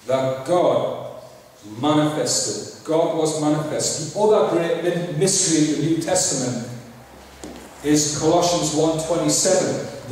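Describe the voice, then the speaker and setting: A man's voice: fairly high pitch, darkish tone, slight background noise. A man preaching a sermon as pastor, often asking the congregation "okay?" and saying "praise God" between points. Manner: frequent tag questions to the congregation. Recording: echoey hall, voice far from mic.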